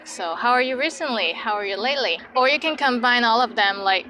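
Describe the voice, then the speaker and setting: A woman leads a playful language lesson, walking through phrases slowly. Her voice is bright and fairly high. A faint hiss sits under the recording. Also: expressive, poor audio. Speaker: language teacher.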